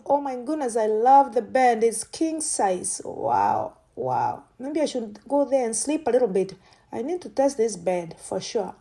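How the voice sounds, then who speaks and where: A woman talks her way through a casual vlog, thinking aloud as she goes. Her voice sits on the higher side but sounds mellow and soft-edged, and she keeps breaking into exclamations of delight. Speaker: vlogger. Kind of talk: casual running commentary.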